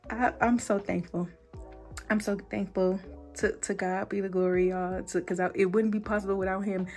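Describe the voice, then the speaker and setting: A woman's voice: medium pitch, steady tone, moderate pace, darkish tone, faint music behind. A young woman, a budgeting vlogger chatting to camera, emotional and close to tears, repeating herself. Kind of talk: casual chat to camera.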